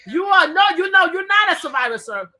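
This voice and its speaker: Loud high-voiced woman livestream host. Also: big pitch swings, fairly quick. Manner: loud, repeats pleading commands. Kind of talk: heated livestream argument.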